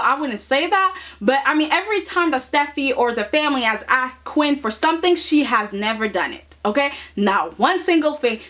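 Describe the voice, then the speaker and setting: A woman's voice: a little high, a bit bright. A woman casually recapping a soap opera episode, sassy and chatty, often tagging her points with "okay?".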